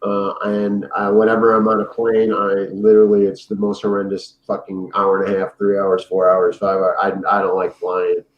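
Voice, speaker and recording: A man's voice: lowish voice, monotone, moderate pace, hardly any pauses, echoey room, lo-fi sound. A man talking in a casual podcast, crude and rambling, swearing freely. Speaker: guest.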